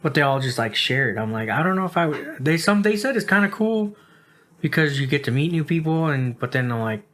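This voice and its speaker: A man's voice: fairly high pitch, expressive, brisk, a bit bright. A tired man from the United States, a podcast co-host chatting casually, rambling with lots of fillers. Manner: rambling, filler-heavy, says "like" and "dude" a lot. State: tired, yawning. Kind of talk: casual chat.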